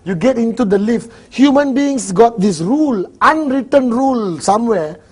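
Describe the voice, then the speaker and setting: A man with a Malaysian English accent training a seminar audience on prospecting, talking in an animated, joking way and acting out small dialogues. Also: extremely high pitch, normal speed. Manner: animated, jokey, acts out little dialogues. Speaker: network marketing trainer. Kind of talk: live seminar talk.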